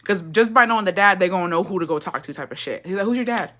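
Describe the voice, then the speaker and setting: A woman's voice: fairly low pitch, very fast, pushed and bright. A young woman hosting a livestream, telling a profane, gossipy family story with laughs and Spanish phrases mixed into her English. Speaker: livestream host. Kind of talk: casual storytime chat.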